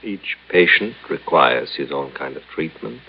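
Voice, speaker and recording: A man's voice: rumbling low, lively intonation, unhurried, vocal fry, husky, full character voice. An actor in a 1950s radio drama playing a detached male psychiatrist who answers questions with questions. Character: cool, evasive male psychiatrist. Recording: dull old radio recording.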